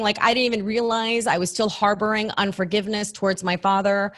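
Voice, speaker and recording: A woman's voice: mid-range voice, fairly even intonation, fairly quick, few pauses, a bit bright. A woman hosting a church podcast, talking in an earnest, encouraging and reflective way. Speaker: podcast host. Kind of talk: faith podcast conversation.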